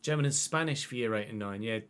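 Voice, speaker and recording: A man, chatting and commentating excitedly while streaming a football game. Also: fairly low pitch, fast talker, clear, resonant tone. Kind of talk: live gameplay commentary.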